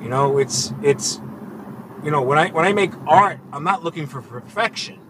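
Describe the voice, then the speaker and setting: A man with a high voice chats from the driver's seat of a car, telling animated stories and swearing freely. He acts out what people said as he goes. Road and engine noise runs clearly under his voice. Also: moderate pace. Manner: animated storytelling, swearing freely, acting out quotes. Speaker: podcast host and rideshare driver. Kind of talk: casual chat. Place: inside a car. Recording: noisy car interior. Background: vehicle ambience.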